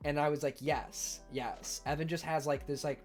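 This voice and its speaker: A young man chatting casually on his livestream in an animated, rambling way, full of fillers. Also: a little high, normal speed, faint music behind. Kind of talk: casual stream chat.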